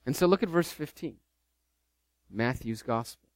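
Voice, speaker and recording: A man's voice: mid-range voice, unhurried, no room sound. Dry-voiced man preaching a sermon. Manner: animated preaching, voices the disciples mockingly. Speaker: pastor.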